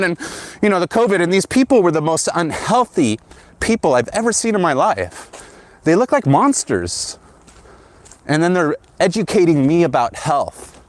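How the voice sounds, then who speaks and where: A man's voice: on the high side, big pitch swings, moderate pace, dry recording. A man hosting his own show, ranting in a monologue and tagging his lines with "right?". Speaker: podcast host.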